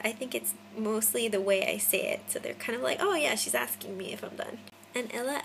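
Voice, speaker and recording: Young woman, American accent, gravelly fry, rambling phone vlog chat. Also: fairly high pitch, fairly bright tone, a little hiss or hum, rough recording. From Hawaii. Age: 20s. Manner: chatty, rambling, addresses viewers by name. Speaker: vlogger. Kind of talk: casual chat to camera. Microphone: phone camera.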